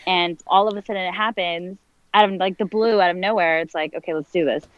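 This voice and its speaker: With a lowish, fairly even voice and a slightly fast pace, a woman in her late twenties tells a personal story as a guest. She's candid, uses lots of fillers, and reenacts other people's lines, all in a dry, lo-fi recording.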